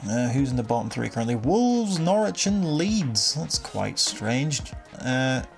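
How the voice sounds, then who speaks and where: A man's voice: mid-range voice, sing-song, unhurried, vocal fry, faint music behind, low-quality recording. A young man casually commentating a football video game, wry and exasperated, cursing at his team's misfortunes. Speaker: gaming commentator.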